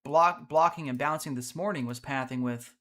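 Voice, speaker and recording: A man hosting a live gameplay stream, energetic and chatty, talking to his viewers as he plays. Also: a little high, moderate pace. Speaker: streamer, host.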